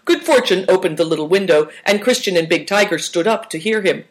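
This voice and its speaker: A woman narrating a children's adventure book aloud, calm and even. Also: fairly low pitch, brisk, hardly any pauses. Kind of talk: storybook reading aloud.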